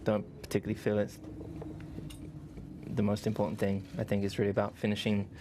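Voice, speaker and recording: A man, a racing driver, giving a measured, calm answer at a press conference. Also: on the low side. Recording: noisy press room audio.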